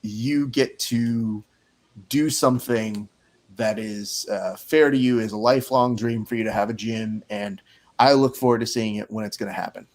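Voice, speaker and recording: A man's voice: lowish voice, fairly even intonation, normal speed. Guy hosting a podcast, jokey and rambly, just chatting. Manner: joking, rambling storyteller. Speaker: podcast host. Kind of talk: casual podcast interview.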